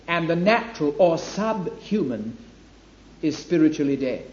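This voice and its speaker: A man preaching a sermon, emphatic, rising to loud declamation when he reads scripture. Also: on the high side, lively intonation, unhurried. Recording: echoey hall, dull lo-fi, faint ambience.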